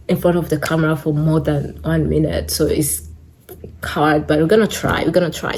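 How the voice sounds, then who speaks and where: A woman's voice: low voice, dark tone, slight background noise. A young woman beauty vlogger chatting casually while doing her makeup, a bit out of breath and rambling with fillers. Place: indoors at home, sit-down filming. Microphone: camera in front of her.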